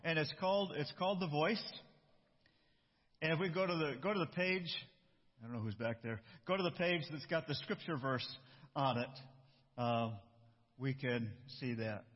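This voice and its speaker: A man pastor giving a sermon and reading a storybook aloud, with relaxed, self-interrupting asides. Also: fairly high pitch, moderate pace, pauses often. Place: church. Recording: dull echoey church hall.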